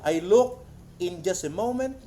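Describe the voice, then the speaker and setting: A Filipino man preaching a church sermon. He reads English quotes slowly and loudly, then retells them in quick Tagalog. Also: high-pitched, animated, slight background noise. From Philippines.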